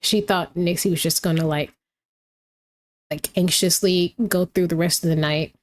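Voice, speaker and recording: A woman casually commenting on her gameplay, chatty and lively, talking to the game characters as she goes. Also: on the low side, normal speed. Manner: chatty, reacts aloud, talks to the game characters.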